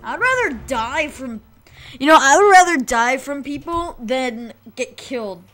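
A woman playing a horror game, excitable, yelping and shrieking, with nervous laughter. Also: high-pitched, unhurried, faint music behind. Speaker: gaming video host.

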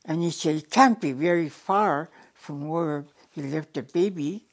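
A woman's voice: deep voice, a little slow. An older woman from the Yukon telling a traditional story at an easy pace, plain in her phrasing and often circling back to repeat and restart words. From Yukon, Canada. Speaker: elder storyteller. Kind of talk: oral storytelling.

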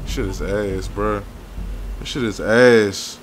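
A young man swearing and venting through gameplay commentary, with loud outbursts that sink into low, weary muttering. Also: slow pace, over music. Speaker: gaming YouTuber.

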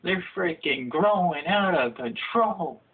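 A young man telling a comedic, profane story in a casual ranting way, jumping into high shouted voices for the people he quotes. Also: expressive, slow. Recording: phone-like lo-fi audio.

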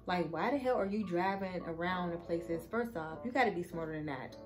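Speaking briskly in a lowish voice, this vlogger chats through a storytime with her viewers, swearing without restraint and addressing them as y'all. Music runs underneath, and the audio is poor.

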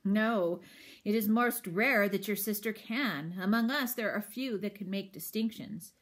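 A woman reading aloud voices a calm, courteous grown man who speaks in a formal, old-fashioned way. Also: medium pitch, a little slow, lightly acted. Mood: measured.

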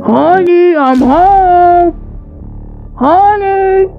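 A woman acts out a calm, concerned husband and father, high-pitched and unhurried as he asks questions. The audio is dull and lo-fi with faint music.

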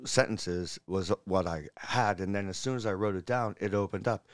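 Male podcast guest, deep-ish and dry, animated chatty storyteller. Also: moderate pace, no room sound. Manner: animated, jumps between stories and voices. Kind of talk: rambling storytelling interview.

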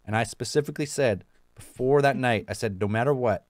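A man's voice: medium pitch, fairly quick, no echo. Wry self-mocking man on a podcast. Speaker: podcast co-host. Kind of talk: casual chat among friends.

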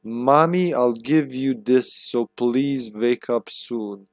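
A man voicing a small child pleading with its mother, in broken English with a Russian accent, slow and soft. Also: mid-range voice, no room sound, studio quality, lightly acted.

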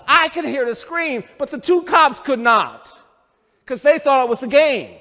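A man's voice: very high-pitched, big pitch swings, measured pace, sharp tone. A middle-aged man from upstate New York preaching a sermon, telling stories and firing rhetorical questions at the congregation. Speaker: pastor. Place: church sanctuary. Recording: long church hall reverb.

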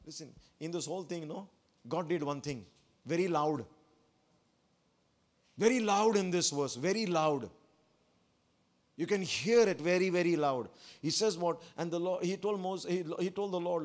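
A man's voice: high voice, animated, moderate pace, pauses often. A man, a pastor, preaching a sermon to his church, asking the congregation questions and repeating phrases for emphasis.

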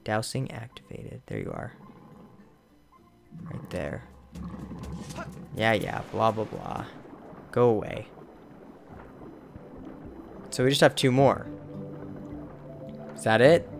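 Slow-talking man grumbling through gameplay. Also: fairly low pitch, wildly swooping pitch, creaky, faint music behind. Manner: grumbling, exasperated, mild minced oaths. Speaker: let's play host. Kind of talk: casual gameplay commentary.

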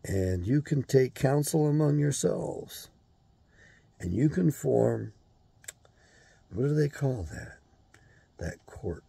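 A gruff older man rants bluntly and swears freely, his voice deep, dark and heavily gravelly. It is rough and husky throughout, recorded close and dry with no room sound. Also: animated, slow pace, pauses often, dry recording. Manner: blunt, profane, ranting. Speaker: show host. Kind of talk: angry monologue to camera.

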